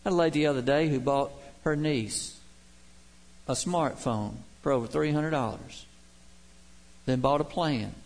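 An older man preaching a sermon as pastor, stressing key words by slowing down, with folksy humorous asides. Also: on the high side.

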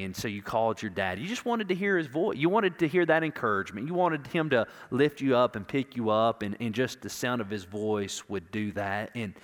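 A medium-pitched male pastor delivers a passionate sermon that swings from booming declarations to quiet, intimate passages, with repeated words for emphasis. The recording carries the long reverb of a big hall.

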